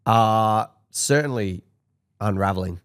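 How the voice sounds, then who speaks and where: A man's voice: fairly low pitch, takes it slowly, smooth. A man with an Australian accent co-hosting a casual sports podcast, laid-back and laughing often. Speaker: podcast co-host. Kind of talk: casual chat.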